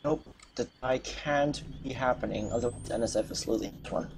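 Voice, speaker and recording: A man's voice: medium pitch, fairly quick, gravelly, a little hiss or hum. Man casting a game match, talkative. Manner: conversational, thinks aloud, upbeat. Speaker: tournament caster. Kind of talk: live game commentary and interview.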